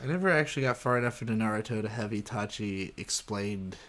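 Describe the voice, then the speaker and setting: A man with a fairly low, fairly bright voice talks fast while hosting a laid-back anime podcast. He rambles through recaps of scenes, full of fillers and restarts, and swears for emphasis in casual chat.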